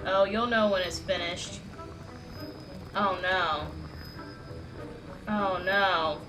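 A woman's voice: on the low side, fairly even intonation, drawn-out words, rough recording. A young woman casually chatting and swearing while streaming a video game, reading lines aloud. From United States. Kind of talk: casual gameplay commentary. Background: game music.

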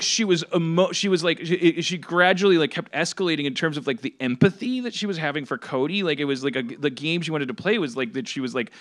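Rambling, stammering man with a higher voice. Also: fairly bright tone, slight background noise. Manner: rambling, stammering restarts, laughing while telling. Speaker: podcast panelist telling a story. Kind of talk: casual chat. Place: live podcast stage.

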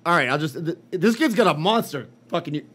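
Animated high-voiced man. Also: fairly quick, husky. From Boston. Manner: animated, swearing, mocking impressions. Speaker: podcast co-host. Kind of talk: casual profane chat.

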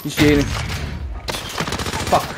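A man's voice: slow pace, background noise. Profane, frustrated gamer man. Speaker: gaming video creator. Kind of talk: gameplay commentary. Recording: gunfire from the game behind him. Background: game gunfire.

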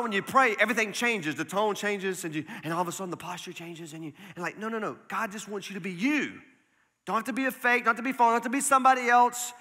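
Male pastor, sermon, bright and forceful, conversational and repetitive, reverberant church hall. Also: on the high side. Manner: conversational, repeats words when emphatic. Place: church sanctuary.

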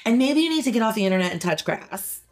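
A woman's voice: fairly high pitch, sing-song, fast. Snappy, blunt woman host ranting. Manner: snappy, blunt, swears freely. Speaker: reaction channel host. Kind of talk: casual commentary reading online stories.

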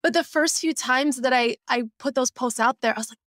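A woman in her forties speaks as a podcast guest, her voice sitting a little high. She talks in a candid, reflective way and drops into quick quoted inner thoughts. The sound is close and dry, with no room around it. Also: fairly bright tone, dry recording. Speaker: guest, simplicity coach and author. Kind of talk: conversational podcast interview.

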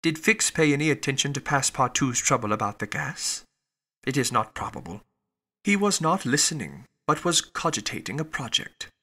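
A man narrating a classic novel as an audiobook, in an expressive storytelling manner. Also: medium pitch, moderate pace, slightly rough. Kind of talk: scripted narration.

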